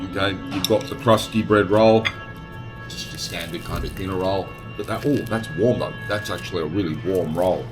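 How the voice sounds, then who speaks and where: A man reviewing food at a restaurant table, speaking casually and humming as he savors each bite, recorded on a camera set on the table. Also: deep voice. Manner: relaxed, savoring each bite with frequent hums. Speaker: food vlogger. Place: indoor restaurant. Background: faint background music.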